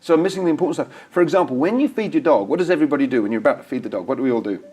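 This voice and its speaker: A man talking as a guest in a TV studio interview, animated and acting out examples as he explains. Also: on the high side, very fast, breathy edge. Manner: animated, acts out voices and examples. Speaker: dog behaviour expert guest.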